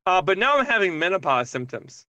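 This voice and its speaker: A woman's voice: on the low side, very animated, fairly quick, bright, forceful tone, no echo, lo-fi sound. A woman co-hosting a podcast, telling stories in a profane, rambling casual chat. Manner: profane, rambling storytelling with laughs. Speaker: podcast co-host.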